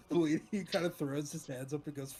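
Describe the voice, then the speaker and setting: A man's voice: a little high, steady tone, normal speed, a little mellow, breathy edge. A man playing a tabletop role-playing game, speaking hesitantly with restarts and laughs. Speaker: player.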